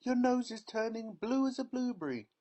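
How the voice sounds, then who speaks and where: A man's voice: high voice, lively intonation, moderate pace, voice pushed up. A man voicing a panicky middle-aged mother who screams in alarm. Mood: panicked.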